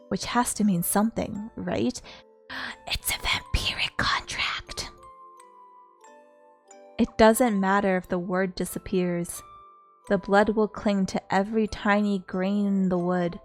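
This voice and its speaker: A woman's voice: mid-range voice, darkish tone. A woman streamer reading a story game aloud in an earnest way, stopping now and then to talk with her viewers.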